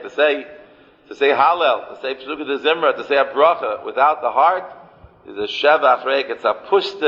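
A man preaching a sermon, repeating his key phrases and weaving in Yiddish and Hebrew terms. His voice is gravelly with vocal fry. The sound is muffled, with a long reverb from a hall. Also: medium pitch, moderate pace. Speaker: rabbi.

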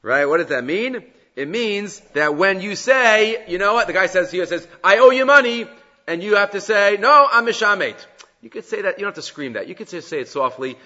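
A man leading a Talmud class, acting out the people in each case as he goes. His voice is bright and forceful, and a bit higher than most men's. It rings with long reverb in a big hall, and the sound is dull and muffled. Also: fairly quick. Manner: animated, acts out quoted speakers, mixes Hebrew and Aramaic terms. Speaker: Talmud teacher.

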